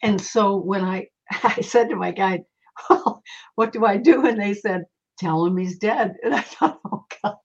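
A middle-aged woman, a psychic medium, telling stories in an interview in a casual, animated way and acting out the voices she quotes. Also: medium pitch, measured pace, breathy edge. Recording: slightly dull lo-fi recording.

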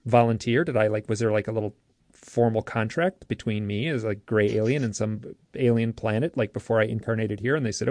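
A man, an author and interview guest, telling a story in an earnest, lively way, often restarting his sentences. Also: lowish voice, brisk, no room sound. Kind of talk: animated storytelling.

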